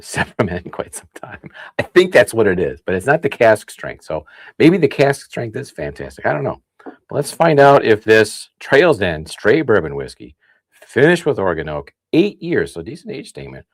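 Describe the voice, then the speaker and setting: A man from the Midwest hosting a casual livestream, chatting and thinking out loud as he reads comments. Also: fairly low pitch, sing-song, normal speed, no room sound, clean studio sound. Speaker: livestream host. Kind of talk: casual tasting livestream chat.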